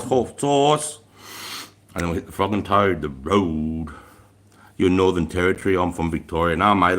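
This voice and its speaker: A man's voice: fairly low pitch, fairly bright tone. An Australian man on a casual live stream, greeting viewers and chatting from a room at home in a rambling, easygoing way, swearing freely and laughing often. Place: room at home with a fire going.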